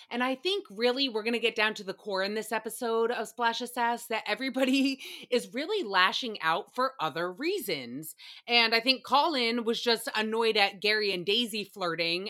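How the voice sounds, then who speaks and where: A woman's voice: medium pitch, sharp tone. A young woman hosting a casual solo podcast, gushing and giggling as she swears freely through a recap. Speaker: podcast host.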